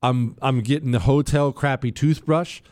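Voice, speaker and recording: A man telling a travel story on air, animated and sarcastic, swinging between loud and quiet. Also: medium pitch, normal speed. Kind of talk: storytelling monologue.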